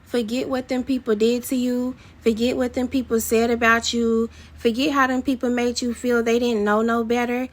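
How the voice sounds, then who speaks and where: A woman preaching a prophetic word with fervent, repeated declarations. Her voice sits a little high, and she reads scripture and drops casual slang in the same flow. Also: flat delivery, moderate pace, hardly any pauses. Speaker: prophetic minister.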